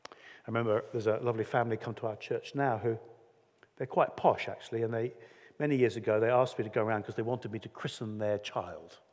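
A man's voice: lowish voice, fairly even intonation, brisk, a little mellow. A man preaching a sermon in an earnest, conversational way, acting out quotes as he goes. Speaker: pastor. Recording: long hall reverb.

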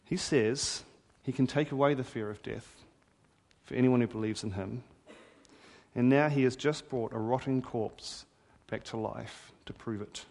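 A man's voice: medium pitch, unhurried, gravelly, a little mellow. A man preaching a sermon in a conversational, wry storytelling manner. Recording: hall reverb.

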